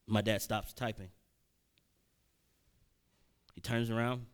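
A man in his thirties tells a personal story as a sermon, slipping from easy conversation into loud, emphatic peaks. His voice is bright and ringing, pitched a little high for a man, with frequent stammered restarts. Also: animated, brisk. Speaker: preacher.

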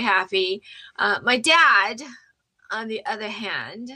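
Bright-voiced woman telling her story. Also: mid-range voice, takes it slowly, slightly rough, low-quality recording. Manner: animated, acts out quoted voices; frequent fillers and restarts. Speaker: interview guest. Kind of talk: personal storytelling.

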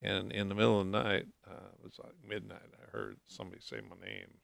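A man with a low, heavily gravelly voice shares his story as a guest, speaking softly and haltingly with small restarts. The sound is dry and close, with no room around it. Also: big pitch swings, no echo. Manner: halting, soft-spoken testimony with restarts. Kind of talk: personal storytelling interview.

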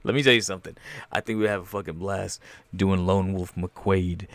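A man giving a loud, laughing, profane comedic reaction to a movie trailer, full of slang. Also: low voice, fairly even intonation, moderate pace, dry recording.

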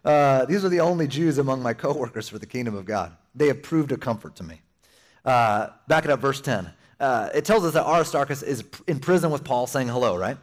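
A young man preaching a sermon as pastor, conversational and animated, slipping in playful asides. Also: medium pitch, a little fast.

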